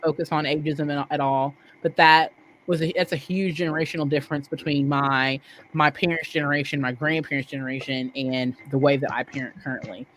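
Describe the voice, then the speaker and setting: A woman co-hosting a podcast in casual chat, animated and thinking aloud with rhetorical questions. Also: low voice, brisk, a little hiss or hum, poor audio. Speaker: podcast co-host.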